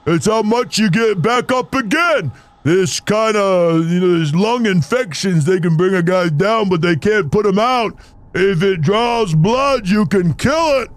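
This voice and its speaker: A hoarse man doing a joking impression of a gruff tough-guy boxer with a slurred, mumbling drawl. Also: high voice, expressive, unhurried, dry recording. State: hoarse from illness. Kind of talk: joking impression while gaming.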